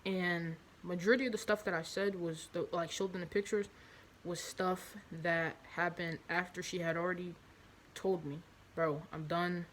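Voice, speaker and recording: A woman's voice: on the low side, fairly even intonation, moderate pace, a little hiss or hum, rough recording. A young woman telling a candid confessional story in her vlog, rambling and blunt with many fillers. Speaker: vlogger.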